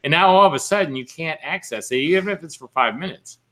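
A man's voice: fairly high pitch, animated, fast talker, fairly bright tone. Rambling man in casual chat. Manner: rambling storyteller, lots of fillers. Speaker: podcast co-host.

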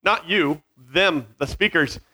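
Man, 40s, high bright voice, camp speaker wandering off on silly tangents for middle schoolers. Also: slow pace. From Virginia. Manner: scattered, self-mocking, jumps between tangents. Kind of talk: joking talk to middle schoolers. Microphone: headset mic.

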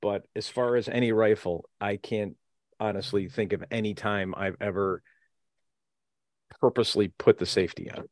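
A man co-hosting a podcast, speaking in a measured, thoughtful way in casual chat. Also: fairly low pitch, fairly even intonation, darkish tone, dry recording, clean studio sound. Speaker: podcast co-host.

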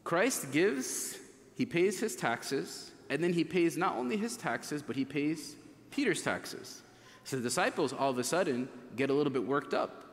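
A man in his thirties preaching a sermon as a priest, telling stories with lively, acted-out quotes. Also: on the high side, unhurried. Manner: animated storytelling, acts out voices in quotes. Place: church. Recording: long reverb of a church hall.

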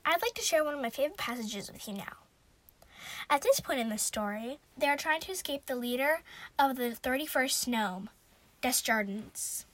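A woman reads favorite passages of a novel aloud, breaking in with chatty asides. Her voice sits high, and the recording is dry and close with no room sound. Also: lively intonation, moderate pace, fairly bright tone, dry recording. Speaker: reader.

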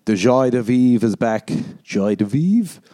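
A man's voice: mid-range voice, lively intonation, takes it slowly, dark tone. A man hosting a podcast, rambling through a sardonic, sweary comedic monologue and putting on mocking voices for other people. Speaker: podcast host.

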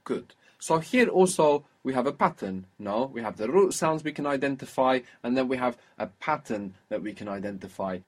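A man leads a one-on-one language lesson at a steady, patient pace. He prompts the learner and praises each answer. His voice sits at an ordinary middle pitch. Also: moderate pace, few pauses. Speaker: language teacher. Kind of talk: guided spoken language lesson.

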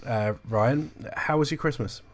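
A man's voice: medium pitch, a little slow. A man hosting a podcast in casual chat, hesitant, with many ums and chuckles. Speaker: podcast host.

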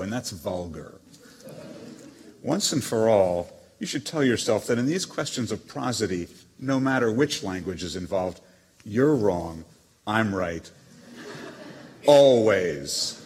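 An actor reading letters as a proud, witty émigré novelist, with a haughty, dryly teasing manner. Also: male voice, on the low side, slight background noise, close to an everyday voice. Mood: lecturing. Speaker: letter reader. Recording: long hall reverb.

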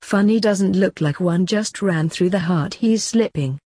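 A woman voicing a weary middle-aged male coroner who is secretly a reaper king, moaning in a put-upon way, with a husky voice. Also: mid-range voice, unhurried, warm tone, no room sound, studio quality.

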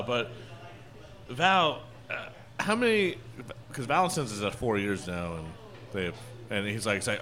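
A man, co-owner of a brewery, chatting casually on a podcast with lots of restarts and animated retellings. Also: lowish voice, moderate pace. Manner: rambling, many restarts, animated when retelling stories.

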